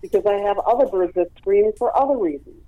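Speaking fairly quickly in a medium pitch, a woman describes the training at her parrot rescue in detail and with examples. The phone-in radio interview comes through a telephone, so the dry recording sounds tinny.

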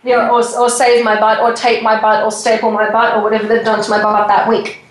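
A woman hosting a radio talk show, chatty and bubbly as she rattles off shout-outs. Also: fairly high pitch, monotone, brisk, echoey room, a little hiss or hum, low-quality recording. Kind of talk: casual radio chat.

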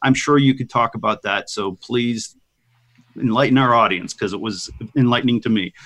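A man hosting an interview, talking in a lively, joking, conversational way. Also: mid-range voice, normal speed. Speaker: interview host.

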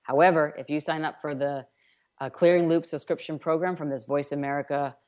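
A woman's voice: deep voice, steady tone, a little fast, darkish tone. A woman from New York hosting a self-help radio show, speaking emphatically with chant-like repetitions.

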